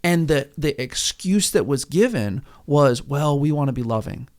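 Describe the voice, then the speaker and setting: A man's voice: a little high, expressive, normal speed, a little mellow. A man, co-hosting a church podcast and speaking earnestly, getting worked up about church conflict. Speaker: ministry leader and podcast co-host. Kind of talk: casual podcast conversation.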